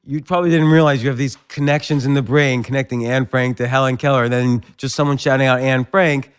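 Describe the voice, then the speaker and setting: A male podcast host in casual interview chat, reasoning aloud in a thoughtful, halting way. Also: mid-range voice, fairly even intonation, smooth.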